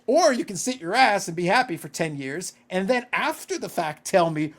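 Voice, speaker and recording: A man's voice: sits high, very animated, normal speed, hardly any pauses. A man co-hosting a casual podcast, ranting with exasperation and swearing freely. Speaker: podcast co-host.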